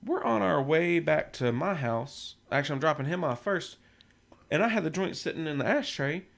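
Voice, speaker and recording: Gravelly, profane young man telling a story. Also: fairly high pitch, moderate pace. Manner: profane, animated storyteller acting out quotes. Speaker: podcast co-host. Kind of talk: casual storytelling.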